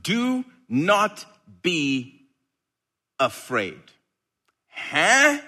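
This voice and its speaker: Male preacher, slow deliberate sermon, wildly swinging pitch, playful. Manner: animated, playful, with sudden shouted bursts.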